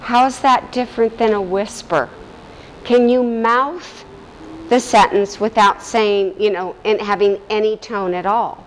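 A woman teacher guides a vocal meditation at an unhurried, deliberate pace, her instructions calm and gentle. Her voice sits at an ordinary middle pitch and carries a long, lingering reverb, with faint ambient noise underneath. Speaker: voice and breath teacher.

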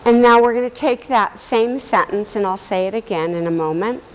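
A woman teacher leading a guided vocal meditation in a calm, gently instructive way. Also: mid-range voice, moderate pace, in a large hall, a little hiss or hum, poor audio. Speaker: voice and breath teacher.

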